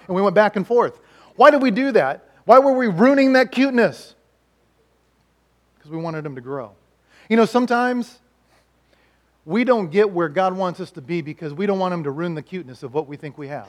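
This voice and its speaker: A middle-aged man preaching a sermon, telling stories in an animated way and swinging between loud lines and hushed ones. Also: sits high, moderate pace, long pauses. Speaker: pastor and chaplain.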